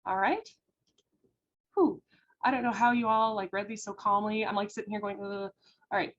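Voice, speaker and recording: A woman poet giving a playful, expressive poetry reading with wide swings in pitch and loudness. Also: normal speed, long pauses, muffled recording, slight background noise.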